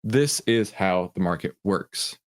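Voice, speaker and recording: Male host, low voice with lots of swing, chatty explainer who slips into acted voices. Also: slow pace. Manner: animated storyteller who acts out voices; conversational, frequent "right?". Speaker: host of a stock market education show. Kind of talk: casual explanatory talk.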